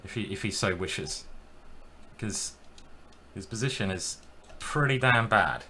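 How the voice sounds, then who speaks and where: A man's voice: fairly low pitch, animated, a little slow, pushed and bright, a little hiss or hum. A man streaming his chess games, thinking aloud with self-deprecating commentary.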